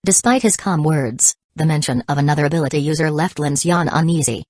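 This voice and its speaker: A woman narrating an audiobook in a steady, even reading voice. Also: deep voice, a little fast, hardly any pauses, no echo. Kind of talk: scripted narration.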